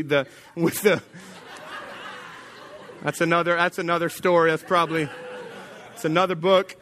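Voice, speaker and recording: A man preaching with a bright, forceful edge to his voice, pitched a little higher than most men. He tells the story with animated energy and slips into the voices of the people in it. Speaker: pastor. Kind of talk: sermon.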